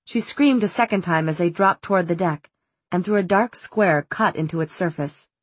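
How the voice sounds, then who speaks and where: A woman narrating a novel in a measured, steady way, on a close studio mic. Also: fairly low pitch, breathy edge, no echo. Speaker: audiobook narrator. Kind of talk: scripted narration.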